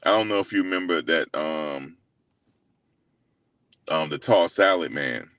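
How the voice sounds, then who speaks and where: A young man with a deep, low-set voice recaps events in a loose, slangy ramble, leaning on fillers and asides. He sounds incredulous and animated when he quotes others. The sound is close and dry, with hardly any room around it. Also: unhurried, dry recording. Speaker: host. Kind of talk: casual storytelling recap.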